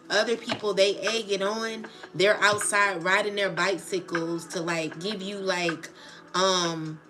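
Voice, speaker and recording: A woman streaming live, ranting in agitated, profane casual slang and often asking "you know what I'm saying". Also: mid-range voice. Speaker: tarot channel livestreamer. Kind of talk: emotional livestream rant. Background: background music.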